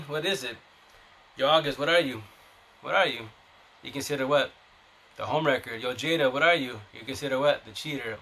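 A man's voice: mid-range voice, bright, forceful tone, slight background noise. A man hosting a live stream, ranting about his relationship in a blunt, combative, profane way. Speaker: TikTok live host. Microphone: phone mic.

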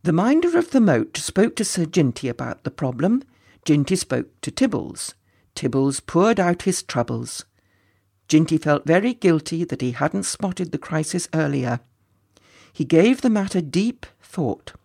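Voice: mid-range voice, very animated, a little slow, gravelly, a little mellow, breathy edge. A storyteller reading a children's story aloud, with playful, chatty asides to the listeners. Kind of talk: storybook narration.

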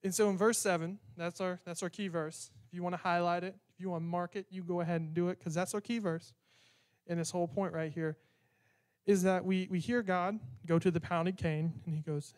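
A man's voice: sits high, fairly even intonation, a little fast, darkish tone, clear, resonant tone, no echo, studio quality. A man giving a casual, conversational sermon with a sarcastic, chatty manner. He often repeats words as he thinks. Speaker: preacher.

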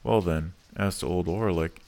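A man's voice: sits low, normal speed, dark tone. A man doing a growling surly blacksmith. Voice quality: gruff, growling. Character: surly young male journeyman blacksmith, growling.

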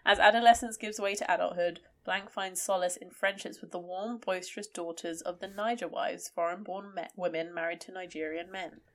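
A woman's voice: fairly low pitch, fairly even intonation, a little fast, few pauses. Teasing woman podcast co-host. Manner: teasing, dry, hesitant with fillers. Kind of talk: casual chat.

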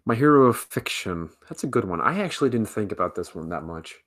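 A man answering questionnaire questions in a casual podcast chat, slow and hesitant with many ums, over a remote call. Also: fairly low pitch, lively intonation, a bit bright. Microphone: remote call with lag.

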